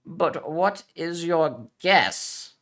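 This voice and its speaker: A man voicing a playful, scheming middle-aged mother who drags her words out slowly as she bargains. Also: sits high, wildly swooping pitch, gravelly, voice pushed up, full character voice. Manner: slow, drawn-out and teasing.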